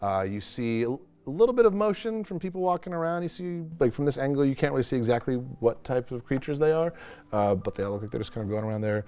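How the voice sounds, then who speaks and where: A man's voice: mid-range voice, lively intonation, quick pace, a little mellow, smooth. A man running a tabletop game as game master, narrating in a casual, rambling way with many restarts.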